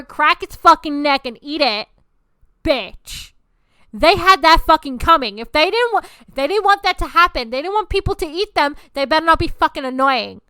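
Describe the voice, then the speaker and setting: A woman's voice: high voice, animated, normal speed, sharp tone, dry recording. A woman podcast host delivering a heated, profanity-laced ranting monologue.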